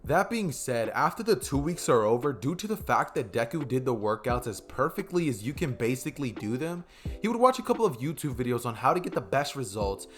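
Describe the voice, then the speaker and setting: A man's voice: mid-range voice, sing-song, brisk. A young man casually narrating an improvised fan story, rambling with many fillers.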